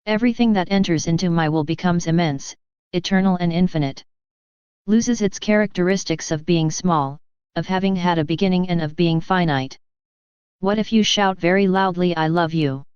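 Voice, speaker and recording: A woman reading the lines of a gentle, sorrowful divine male speaker in a solemn, tender, unhurried way, with a smooth, clear voice. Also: on the low side, no echo, lightly acted. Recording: dull lo-fi dry reading.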